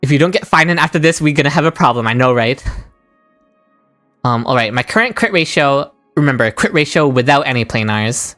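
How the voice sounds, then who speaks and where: A woman streaming a game into a desk microphone, talking to her chat in a low voice. Her pitch swings wildly, and she breaks into shrieks and laughter when a roll goes her way. Quiet music plays under her. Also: brisk. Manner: excitable, shrieks and laughs at lucky rolls; chats with viewers in chat. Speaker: gaming streamer. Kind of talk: live-stream gaming commentary.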